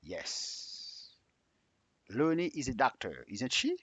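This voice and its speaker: A man teaching an English grammar lesson, reading example sentences slowly and stretching the question tags upward. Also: mid-range voice, wildly swooping pitch, fairly bright tone, slightly rough, no room sound. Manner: drills example sentences with exaggerated rising tags. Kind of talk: slow spoken grammar lesson.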